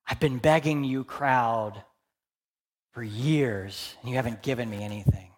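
A man voicing a desperate blind male beggar who pleads low and urgently. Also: measured pace, breathy edge. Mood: pleading.

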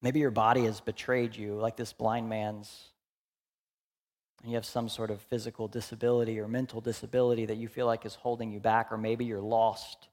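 A young adult male pastor preaching a sermon, animated and humorous, then dropping to hushed, earnest asides. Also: fairly low pitch, moderate pace.

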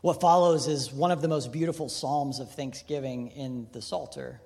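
A man preaching a sermon, earnest, shifting between hushed reflection and emphatic preaching, with casual asides. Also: mid-range voice, fairly even intonation, moderate pace, vocal fry. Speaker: pastor. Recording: long reverb of a large hall.

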